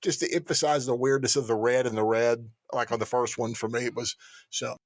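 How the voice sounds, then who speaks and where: A man's voice: mid-range voice, steady tone, brisk, no room sound. Podcast guy rambling and cracking old jokes, stumbles over words, dry close mic. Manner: rambling, restarts, tells jokes. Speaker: podcast co-host. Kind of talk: casual chat.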